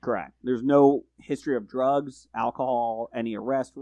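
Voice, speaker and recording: A man's voice: mid-range voice, fairly even intonation, normal speed, mellow, no echo, muffled recording. A man on a podcast as a guest, talking casually with rambling, self-correcting sentences and joking asides. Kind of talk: casual true-crime chat.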